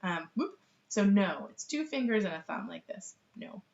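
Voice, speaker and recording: A woman's voice: medium pitch, animated, normal speed, creaky, a little mellow. A middle-aged woman teaching baby sign language in a casual, chatty live lesson, laughing often and full of ums. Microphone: webcam. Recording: roomy, distant, dull webcam audio.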